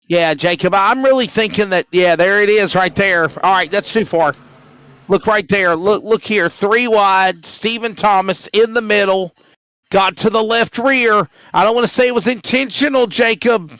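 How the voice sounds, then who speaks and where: A man doing play-by-play commentary on a sim race, with quick, excitable calls. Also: sits high, clear, resonant tone, dry recording.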